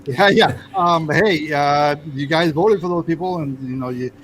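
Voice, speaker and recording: A man's voice: on the high side, normal speed, a bit bright, breathy edge, low-quality recording. An American man hosting a casual political chat, hesitant and full of restarts as he pushes back on his guest. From United States. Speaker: host.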